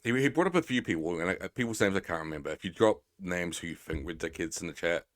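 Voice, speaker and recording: Deep-voiced, sweary streamer. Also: male voice, lively intonation, fast, dry recording, studio quality. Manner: rambling, sweary, teasing chat. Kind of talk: casual live-stream chat.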